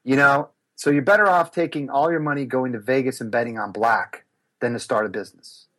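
In a podcast interview, a man who works as a speaker and business coach tells animated stories, lively and expressive, acting out other people's voices and gasping. His pitch is medium and his pace brisk.

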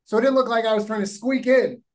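A man from Canada, a guest telling a long anecdote in a lively, rapid, casual way. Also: extremely high pitch, low-quality recording. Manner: animated, rapid, acts out voices in anecdotes. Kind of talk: casual storytelling.

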